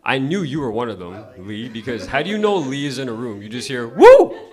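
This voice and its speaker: A man's voice: mid-range voice, big pitch swings, fast talker. A man doing a casual, profane stand-up set at an open mic, talking to the crowd conversationally. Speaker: stand-up comedian. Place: comedy club stage.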